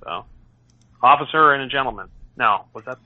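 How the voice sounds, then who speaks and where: A man's voice: medium pitch, normal speed, phone-quality sound, heavy background noise. A man hosting a casual podcast, rambling and joking at his own expense. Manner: rambling, self-deprecating, jokey. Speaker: podcast host.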